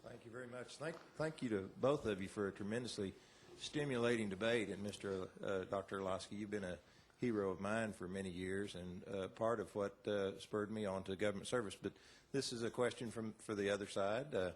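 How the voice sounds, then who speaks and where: A man, a senator, asking a question from the audience in a halting, hesitant way with many pauses. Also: fairly low pitch, fairly even intonation, a little hiss or hum.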